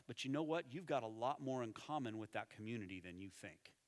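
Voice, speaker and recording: A man preaching a sermon as lead pastor, animated, with emphatic repetition and quieter, intense passages. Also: mid-range voice. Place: church sanctuary. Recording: church hall with long reverb.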